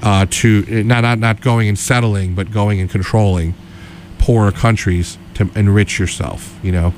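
Man, radio co-host, low voice, rambling, restarts, faint background hiss. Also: fairly even intonation, unhurried, a little mellow. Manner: rambling, many restarts and fillers. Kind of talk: casual political radio chat.

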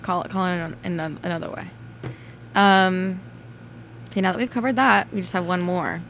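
A woman's voice: lowish voice, fairly even intonation, moderate pace, a bit bright, a little hiss or hum. A woman co-hosting a casual radio show, teasing and playful with her partner. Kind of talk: casual chat.

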